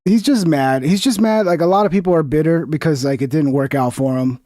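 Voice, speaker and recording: High male voice, combative and mocking commentary, dry and close. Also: fairly quick, dark tone, no room sound. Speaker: commentary streamer. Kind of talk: reacting to clips, casual commentary.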